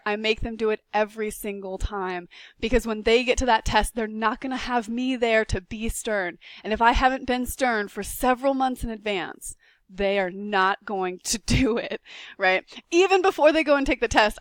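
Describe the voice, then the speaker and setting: A woman's voice: fairly high pitch, no room sound. Insistent, emphatic woman tutor. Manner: emphatic, insistent, repeats points. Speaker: test-prep tutor trainer. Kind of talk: recorded lesson.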